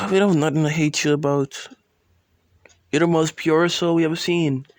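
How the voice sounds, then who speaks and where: A young protective older brother talks with easy reassurance, as a man reads him out in a fan story. The voice sits slightly high. The delivery is casual and loose. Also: steady tone, normal speed, no echo, close to an everyday voice. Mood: reassuring.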